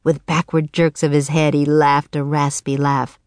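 A woman narrating a children's chapter book in a calm, measured storytelling manner. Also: low-pitched, no echo. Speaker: audiobook narrator. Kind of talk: scripted narration.

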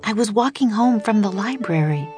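A woman voicing an eager, adventurous young girl in an audiobook, talking excitedly. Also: mid-range voice, moderate pace, soft background music, voice pushed up, lightly acted. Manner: excited, breathless. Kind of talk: audiobook character voice.

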